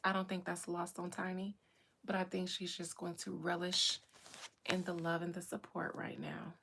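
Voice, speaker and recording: A woman's voice: lowish voice, level tone, normal speed, gravelly, a bit bright, slight background noise. A woman hosting a livestream, giving chatty commentary and often dropping into whispered asides. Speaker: livestream host. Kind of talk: casual commentary.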